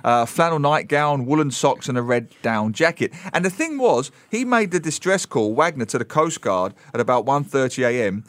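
This is a middle-aged man, co-hosting a talk show. He tells the story with animated, emphatic flair at a middle pitch. His voice is recorded close and dry. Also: moderate pace, hardly any pauses, no echo. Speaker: radio co-host. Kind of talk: casual chat, storytelling.

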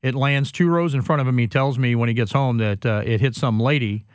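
An older man hosting a casual sports talk show, telling stories and teasing his partner between fillers. His voice sits at a middle pitch with a dry, close sound. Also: a little fast, no room sound. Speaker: host.

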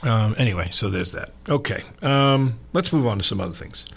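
Male sports radio host, gravelly voice, loose chatty delivery. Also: lowish voice, expressive, normal speed, fairly bright tone. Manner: loose and chatty, lots of fillers. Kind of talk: casual radio chat.

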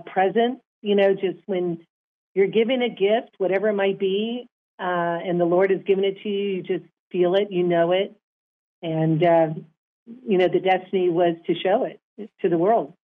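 A woman guest talking about her sport in a measured, upbeat, earnest way. Her voice sits at a middle pitch. She comes through a thin, phone-like line. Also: fairly even intonation. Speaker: guest, former softball player. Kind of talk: interview answers.

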